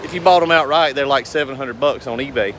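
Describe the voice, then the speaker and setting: With background noise audible, a business owner vlogger speaks at a quick pace in a mid-range voice. He addresses viewers casually on camera, rambling earnestly in a folksy style.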